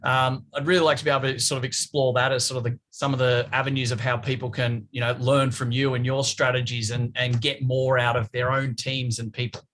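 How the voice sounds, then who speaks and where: A man's voice: medium pitch, flat delivery, brisk, hardly any pauses, a bit bright, a little hiss or hum. A man hosting a podcast interview, chatty and matey, with lots of fillers and restarts. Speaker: podcast host.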